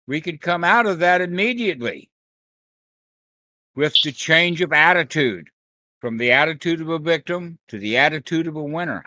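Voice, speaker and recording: A man's voice: fairly high pitch, animated, normal speed, long pauses, bright, forceful tone, no room sound. A man teaching meditation on a group video call, playful and acting out little quoted voices. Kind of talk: dharma talk on a group call.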